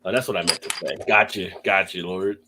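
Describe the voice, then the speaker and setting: A man chatting casually on a live stream, easygoing and quick to laugh. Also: deep voice, noisy background. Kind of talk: casual chat.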